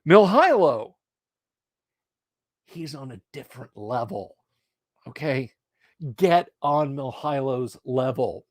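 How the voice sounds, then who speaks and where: Middle-aged male streamer, hype-building ramble, slow delivery, dry close mic. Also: mid-range voice, no echo. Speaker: livestream host. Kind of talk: casual livestream chat.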